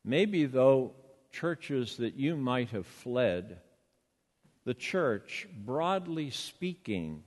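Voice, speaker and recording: A man's voice: mid-range voice, sing-song, extremely slow, in a large hall. An older man with a Boston accent, a pastor preaching a sermon in a conversational storytelling way, with rhetorical questions.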